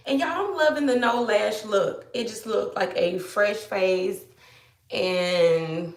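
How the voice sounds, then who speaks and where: A woman from Georgia, chatting casually to viewers on a live stream, greeting them by name and a little hoarse after being ill. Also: medium pitch, slow, roomy sound, far from the mic. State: slightly hoarse after illness. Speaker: livestream host.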